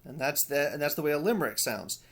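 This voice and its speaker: A man's voice: fairly high pitch, lively intonation, fast talker, a bit bright. A male lecturer explaining poetic forms step by step, with frequent fillers and restarts. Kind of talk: recorded lecture.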